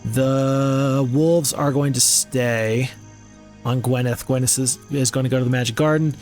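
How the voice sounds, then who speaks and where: A man hosting a let's play, commenting on a strategy game in a relaxed, rambling, self-amused way. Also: mid-range voice, measured pace, soft background music. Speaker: gaming channel host.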